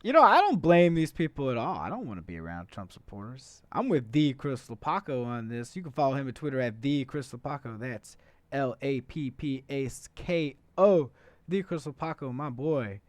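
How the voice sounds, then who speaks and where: A man's voice: medium pitch, sing-song, normal speed, dry recording. A man hosting a political podcast in a casual, profane, conversational monologue, full of filler uhs. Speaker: podcast host.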